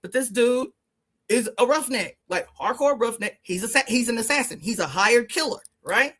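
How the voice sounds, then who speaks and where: A woman's voice: on the high side, lively intonation, moderate pace, a bit bright, slightly rough. A middle-aged woman, a radio show guest, telling stories in a blunt, profane and emphatic way, laughing as she goes. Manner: laughs through her stories. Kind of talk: casual storytelling on radio.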